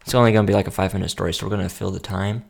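Speaking very fast in a deep, creaky voice with a steady tone, this young podcast co-host rambles through work stories in casual chat. He laughs a lot and sometimes stumbles over his words.

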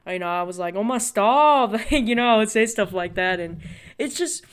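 Smooth-voiced young man chatting casually. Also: high voice, fairly quick. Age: young adult. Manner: chatty, heavy on "like" and "you know" fillers. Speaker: podcast host. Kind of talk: casual solo podcast monologue.

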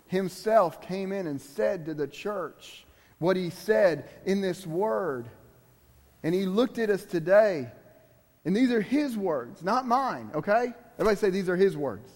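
A high-voiced man preaches a sermon as a guest speaker. He is emphatic but conversational and keeps turning to the congregation with asides. His voice rings out with a long echo in a church hall.

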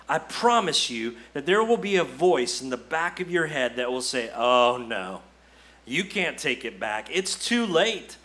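A man's voice: fairly high pitch, fairly bright tone. A man preaching a sermon as pastor, earnest and exhorting, full of repetitions and rhetorical questions. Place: church.

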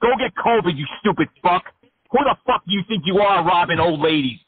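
A man's voice: high-pitched, expressive, fairly quick, phone-quality sound, crowd noise. A man prank-calling scammers, taunting and cursing them with sarcastic jabs. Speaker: scam-baiting host.

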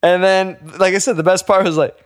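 A young man co-hosting a casual podcast, telling an animated story with laughs and casual swearing. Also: high-pitched, a little fast, clean tone. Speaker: podcast co-host.

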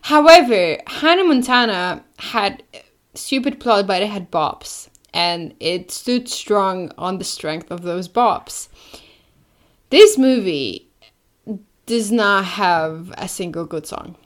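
A young woman co-hosting a podcast, chatting casually and sarcastically, with animated delivery and mocking impressions. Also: mid-range voice, slow pace. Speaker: podcast co-host. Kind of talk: casual chat.

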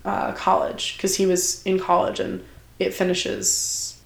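A young woman talks in an easy, chatty way, lacing her story with fillers and acted-out quotes. Her voice sits at an ordinary pitch. The recording carries a noticeable room echo. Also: slow pace, gravelly. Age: young adult. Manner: animated, chatty, many fillers and quoted asides. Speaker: podcast guest. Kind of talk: casual storytelling chat. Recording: roomy echo.

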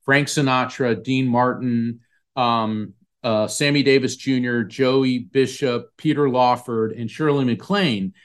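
Man telling a lively anecdote. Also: mid-range voice, measured pace. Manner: animated storyteller acting out quoted voices. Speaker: psychic medium guest. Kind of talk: storytelling in an interview.

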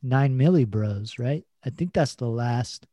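A man's voice: mid-range voice, expressive, measured pace, warm tone, dry recording, studio quality. A man co-hosting a podcast in casual chat, laid-back, swearing and laughing as he tells stories, full of "like" and "you know". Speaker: podcast co-host.

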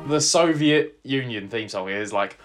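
A man's voice: medium pitch, lively intonation, measured pace, over loud music. A man with a British accent co-hosting a casual podcast, laid-back and jokey. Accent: British English. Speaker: podcast co-host. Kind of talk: casual chat.

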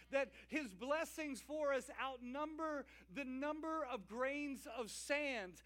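Cajun pastor, high voice, lively call-and-response preaching. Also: male voice, smooth. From Louisiana. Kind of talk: sermon. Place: church.

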